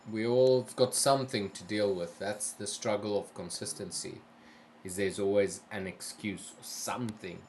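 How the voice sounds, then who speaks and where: A man's voice: fairly low pitch, steady tone, moderate pace, a little mellow, a little hiss or hum. A man hosting a live game stream, chatting casually with viewers and asking polite, careful questions while sounding tired. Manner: easygoing, careful and polite, asks many questions. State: tired, yawning. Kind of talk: casual live-stream chat, reading chat aloud.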